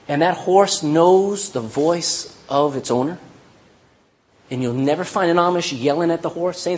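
High-voiced animated male preacher. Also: measured pace. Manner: animated, acts out little scenes, emphatic repetition. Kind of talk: sermon.

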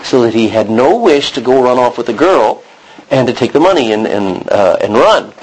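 Husky man preaching. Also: medium pitch, animated, normal speed, a little mellow, poor audio. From Texas. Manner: rambling storytelling, frequent restarts and self-quotes. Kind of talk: sermon.

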